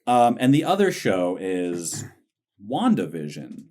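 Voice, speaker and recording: Man, podcast co-host, low voice, casual rambling chat. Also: wildly swooping pitch, slow pace, warm tone. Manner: chatty, rambling, breezy.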